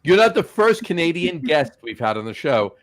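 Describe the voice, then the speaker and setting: A man's voice: on the high side, big pitch swings, moderate pace. A man co-hosting a casual talk show, joking around and teasing the others. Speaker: co-host. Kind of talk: casual chat.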